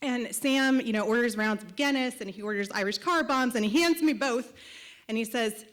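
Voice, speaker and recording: High-voiced woman telling a comic story. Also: moderate pace. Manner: animated, comic timing, punchy asides. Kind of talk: live storytelling performance. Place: live show stage.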